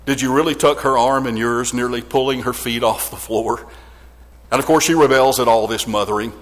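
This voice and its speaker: A man's voice: medium pitch, moderate pace, a bit bright. A middle-aged man preaching a sermon, telling a story reflectively and speaking directly to his congregation. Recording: long hall reverb.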